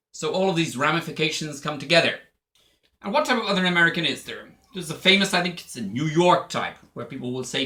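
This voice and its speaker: Irish man with a bright echoey voice. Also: a little high, sing-song, fairly quick. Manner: chatty, explaining, imitates accents. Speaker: English teacher. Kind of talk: casual spoken lesson. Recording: echoey room.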